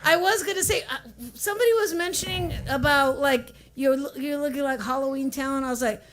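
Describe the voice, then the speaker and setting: A woman's voice: high voice, fairly quick, a little hiss or hum. A woman hosting an open mic at a coffee shop, teasing the crowd and joking between acts. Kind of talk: emceeing a live event.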